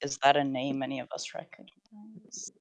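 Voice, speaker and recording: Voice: mid-range voice, expressive, normal speed, vocal fry. Player with dry, literal quips. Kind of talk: tabletop game play.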